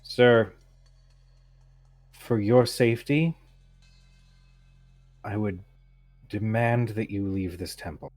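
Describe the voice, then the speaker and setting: Courteous temple priestess, voiced by a male game master, formal and apologetic, gently hesitant. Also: on the low side, slow, pauses often, dry recording, soft background music. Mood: pleading. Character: patient, polite female temple priestess.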